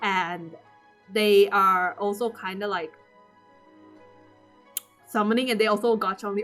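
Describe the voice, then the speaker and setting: A woman recapping her game pulls in casual commentary, excitable and swearing, acting out her own squeals. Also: medium pitch, normal speed, pauses often, soft background music. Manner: trails off with fillers and restarts. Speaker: gaming vlogger. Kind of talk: casual gaming commentary over gameplay.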